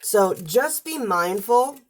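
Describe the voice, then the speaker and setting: A woman with a mid-range voice and lively intonation speaks slowly, giving a casual astrology and tarot forecast directly to viewers in a chatty way. Her voice wears out as she goes, as if she is losing it.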